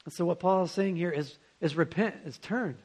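A young man preaching to a room of students, talking with them in an easy, earnest way. His voice sits a little high for a man, and he keeps coming back to the listeners with rhetorical questions. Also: normal speed, darkish tone. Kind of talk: sermon to students.

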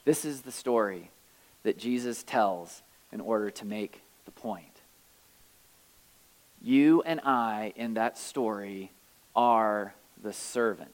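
A man's voice: on the low side, slow pace, rough recording. A man preaching a sermon, reading scripture aloud and explaining it in a conversational way with wry asides. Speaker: pastor.

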